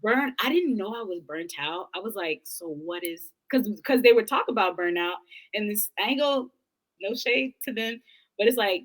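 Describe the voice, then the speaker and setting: A woman's voice: medium pitch, lively intonation, normal speed, a bit bright, low-quality recording. A young adult woman, an interview guest, talking candidly and thoughtfully in long, run-on reflections. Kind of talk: candid casual conversation.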